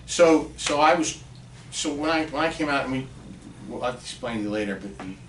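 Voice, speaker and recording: A man tells a story on a podcast, animated and lively, throwing himself into the quotes he acts out. He sounds set back from the mic in a roomy space. A faint hiss sits behind him. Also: mid-range voice, fairly quick. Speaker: podcast guest. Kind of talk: storytelling in casual chat. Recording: roomy and distant with faint noise.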